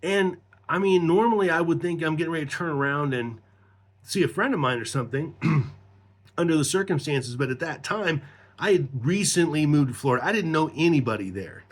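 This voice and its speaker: Middle-aged male storyteller, slightly high voice, casual, foul-mouthed, rambling. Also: lively intonation, a little fast. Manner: profane, rambling, laughs mid-story.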